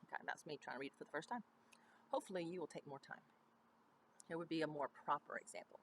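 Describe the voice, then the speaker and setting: A woman's voice: deep voice, fast, long pauses, slight background noise, poor audio. Give me a chatty woman drama teacher explaining homework, with faint building work behind her. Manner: chatty, explanatory, with frequent ums and okays. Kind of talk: recorded mini-lesson. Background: building work going on nearby.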